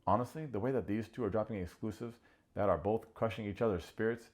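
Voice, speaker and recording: Snarky low-voiced man recapping a show. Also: fast. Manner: snarky, animated, ranting. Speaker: reality TV recap host.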